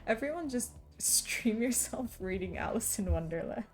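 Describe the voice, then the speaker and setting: A woman's voice: a little high, expressive, moderate pace. A young woman chatting casually on a live stream, answering her chat and laughing often between remarks. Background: faint background music.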